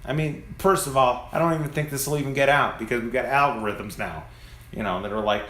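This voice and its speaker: A man's voice: medium pitch, brisk, sharp tone, echoey room. A man delivering an angry, profane, preachy monologue, recorded on a phone among parked cars. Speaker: vlogger. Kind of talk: ranting monologue.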